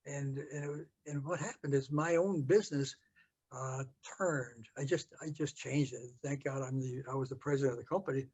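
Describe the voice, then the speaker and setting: An older American man telling a story from his past in an interview, halting with many fillers and restarts. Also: mid-range voice, husky. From United States. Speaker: interview guest. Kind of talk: storytelling recollection.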